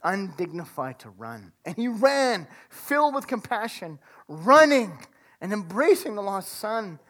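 A woman preaching a sermon, retelling a story dramatically and dropping to a hush for emphasis. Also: medium pitch, very animated, measured pace. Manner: dramatic retelling, acting out the characters' lines.

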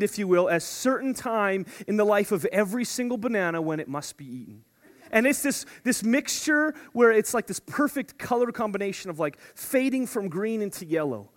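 A man with a high voice delivering a sermon to his congregation. He is animated and playful, dropping to a hush and then climbing to excited shouts. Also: moderate pace. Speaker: preacher.

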